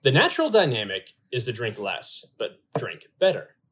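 A man's voice: medium pitch, huge pitch swings, moderate pace, a bit bright, husky. Man, podcast host, casual chat, reads aloud with playful emphasis. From Louisville area, US.

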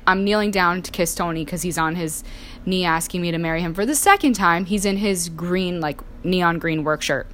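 Young woman, casual storyteller, filler-heavy, low-pitched, slight background hum. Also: a bit bright. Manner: chatty, many "like" fillers, acts out quoted voices. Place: indoors, sipping coffee while talking.

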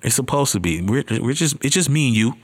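A man's voice: medium pitch, lively intonation, fast, husky. A man hosting his first solo podcast, nervous, rambling and profane, talking straight to his listeners in slangy casual chat. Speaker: podcast host.

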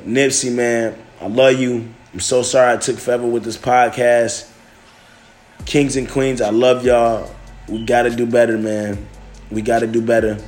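A man hosting a solo podcast, talking loosely with lots of restarts and fillers. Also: medium pitch. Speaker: podcast host. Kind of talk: casual solo podcast monologue. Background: faint music.

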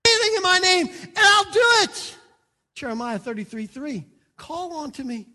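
A man's voice: very high voice, sing-song, moderate pace, bright, forceful tone. A man pastor preaching a sermon in an emphatic, pleading way, stressing the words of scripture.

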